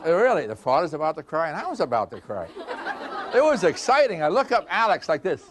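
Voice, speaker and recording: Older man, seminar speaker, high voice, swooping pitch, animated storytelling. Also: fast talker, crowd noise, noisy background. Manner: animated storyteller, acts out dialogue, laughs often. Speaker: customer service trainer.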